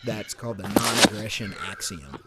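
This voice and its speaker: Earnest, lower-voiced man explaining. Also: animated, moderate pace, heavy background noise. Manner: earnest, explains ideas with restarts. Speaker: podcast co-host. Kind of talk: casual explaining, arguing politics.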